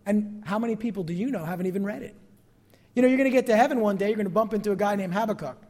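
A man preaching a sermon as pastor, expressive and calling out to his congregation for amens. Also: sits high, racing, long reverb tail.

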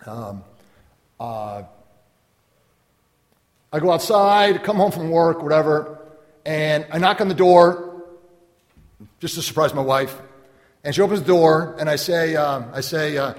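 A man preaching a sermon as a pastor, animated, acting out little dialogues and laughing often. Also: on the high side, measured pace, pauses often. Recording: long hall reverb.

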